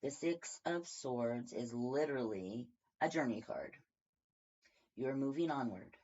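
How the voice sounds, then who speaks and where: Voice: mid-range voice, takes it slowly, a little mellow, breathy edge. A tarot reader giving a casual daily reading from home, rambling and thinking aloud with many fillers. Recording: dull lo-fi recording.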